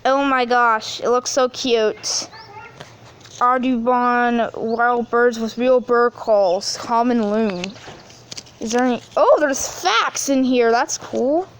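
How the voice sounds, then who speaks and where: A woman's voice: fairly high pitch, slow pace, slight background noise. A teenage girl in a casual unboxing video, gushing and chatty with lots of fillers. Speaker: vlogger.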